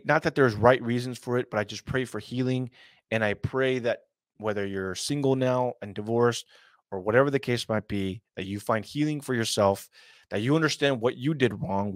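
A man's voice: mid-range voice, fairly bright tone, no room sound, clean studio sound. A young adult man hosting a casual commentary show, talking in a rambling, earnest way with many fillers and asides. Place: small hot room at home.

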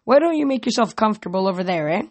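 A young man reading aloud, putting on a smooth, courteous voice for a tall male Titan in a storybook. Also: high voice, animated, very fast.

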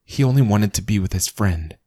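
A man's voice: on the low side, lively intonation, fairly quick, warm tone. A man voicing a brave, anxious young woman in a storybook reading, speaking urgently and with emotion. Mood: grieving.

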